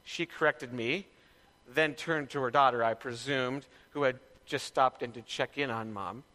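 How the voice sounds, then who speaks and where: A man's voice: medium pitch, unhurried, sharp tone, big-room sound. A man preaching as pastor, in a candid, conversational way with personal stories. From Canada. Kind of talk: sermon.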